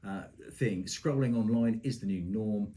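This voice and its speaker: A man's voice: fairly low pitch, a little slow, mellow. A man hosting a podcast in a chatty, teasing broadcaster's manner. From England. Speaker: podcast host and former radio presenter. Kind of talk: casual chat.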